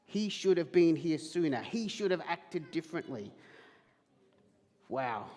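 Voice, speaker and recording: Emphatic preaching man, high, reverberant hall. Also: sing-song, unhurried, a little mellow. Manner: emphatic preaching, voices quoted questions. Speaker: pastor. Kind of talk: sermon. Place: church hall.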